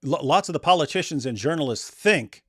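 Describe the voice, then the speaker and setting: A man's voice: on the high side, lively intonation, brisk, breathy edge, no room sound. Chatty man, dry close sound. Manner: loose, chatty, laughs often, puts on mocking voices. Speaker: co-host. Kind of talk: casual political chat.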